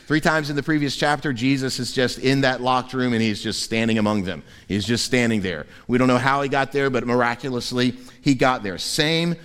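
A man preaching a sermon as pastor in a church, lively and humorous, acting out quoted voices. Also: mid-range voice, brisk, hardly any pauses, smooth, big-room sound. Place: church sanctuary.

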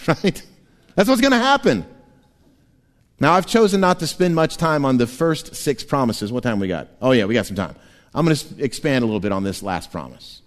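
Animated preacher in a reverberant hall. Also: male voice, mid-range voice, normal speed. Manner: animated, playful, breaks into laughs and voices. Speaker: pastor. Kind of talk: sermon. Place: church sanctuary. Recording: long church hall reverb.

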